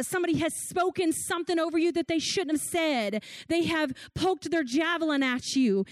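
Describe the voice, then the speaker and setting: High-voiced woman preaching. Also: no room sound. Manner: earnest storytelling with church-talk and restarts. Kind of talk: sermon.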